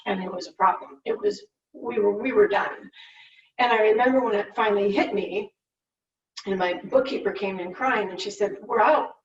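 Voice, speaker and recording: A woman business owner giving a candid personal talk, storytelling and acting out quotes from her past. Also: medium pitch. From United States. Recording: muffled, roomy, distant mic.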